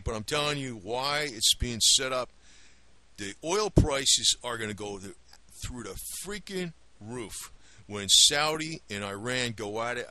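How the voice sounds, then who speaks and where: A man's voice: medium pitch, pushed and bright, dry recording. A man from the Northeast with a New Jersey accent, rambling to camera in a blunt, profane rant. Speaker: video blogger.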